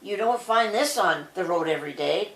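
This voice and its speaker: An older woman reading aloud, voicing a cheeky, foolish young man who shouts merrily. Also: lowish voice, animated, moderate pace. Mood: boisterous. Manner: shouting, boisterous. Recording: roomy echo.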